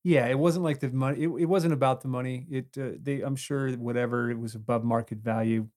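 A man co-hosting a podcast, talking bluntly about a movie with frequent swearing and quick interjections. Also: medium pitch, fairly even intonation, darkish tone. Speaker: podcast co-host. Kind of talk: casual movie discussion.

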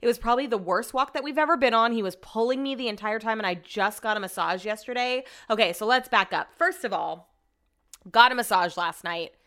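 A woman's voice: fairly high pitch, brisk, fairly bright tone. A young woman hosting a podcast alone, rambling through a casual story with lots of "like" and the odd swear word. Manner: chatty and rambling, heavy use of "like", casual swearing. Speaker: podcast host. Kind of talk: casual solo podcast monologue.

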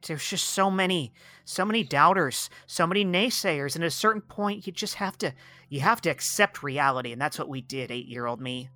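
A man playing a calm, soothing therapist in an improvised comedy podcast. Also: a little high, a little fast.

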